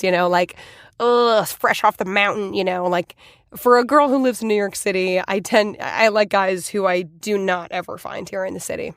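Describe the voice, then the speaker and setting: A woman in her thirties from Boston, telling a personal story in a chatty, animated way, full of "like" fillers. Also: medium pitch, dry recording, studio quality. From Boston, USA. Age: 30s.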